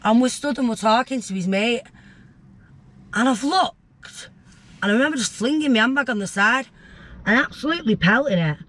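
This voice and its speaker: A woman's voice: fairly high pitch, a bit bright. Brief: young woman, interview guest, blunt and vivid storyteller. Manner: blunt, vivid storytelling that acts out voices, with swearing.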